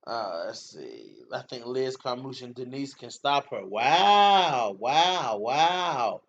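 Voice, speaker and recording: A man's voice: medium pitch, very animated, takes it slowly, fairly bright tone. A man hosting a casual fight-talk livestream, reading comments, slangy and laughing often, repeating himself. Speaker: MMA show host reading live comments. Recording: dull lo-fi stream audio.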